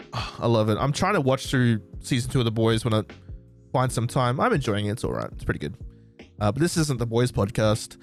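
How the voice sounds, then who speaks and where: An Australian man hosting a podcast, chatting excitedly and rambling, often losing track of names. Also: mid-range voice, brisk, faint music behind. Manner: excitable, rambling, forgets names mid-sentence. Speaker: podcast host. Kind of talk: casual chat. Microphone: desk microphone.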